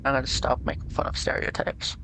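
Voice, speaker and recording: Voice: brisk, fairly bright tone, a little hiss or hum. A streamer chatting casually while playing, tired and sleepy, rambling and trailing off with hesitant fillers. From Canada. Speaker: game streamer. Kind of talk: casual live-stream chat.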